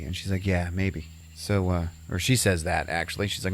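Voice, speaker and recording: A man's voice: low-pitched, little pitch movement, brisk, few pauses, a little hiss or hum. A man hosting a podcast, casually retelling a movie plot in a rambling, profane way full of fillers. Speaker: podcast host.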